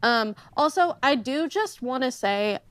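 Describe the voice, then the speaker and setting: A woman's voice: high-pitched, animated, a little slow, a bit bright, dry recording. Hesitant woman in casual chat. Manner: hesitant, many fillers and restarts. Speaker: tabletop role-play player.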